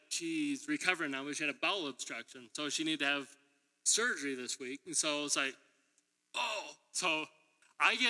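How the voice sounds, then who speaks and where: A slightly high, pushed, bright male voice belongs to a preacher and middle school teacher. In a church hall he preaches a sermon through conversational storytelling, often laughing and mimicking what others said, while a long hall reverb trails his words.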